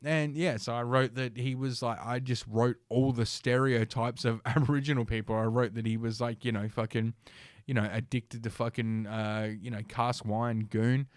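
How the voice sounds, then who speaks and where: A podcast host from South Australia, speaking with an Australian accent in a mid-range voice at a moderate pace with fairly even intonation, tells a rambling, profane story on a livestream, full of fillers and restarts. The studio-quality audio has no room sound.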